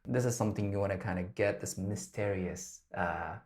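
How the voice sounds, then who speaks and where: A man's voice: lowish voice, moderate pace, a little mellow. A man coaching singing, explaining a song's phrasing and now and then demonstrating lines. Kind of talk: vocal lesson breakdown.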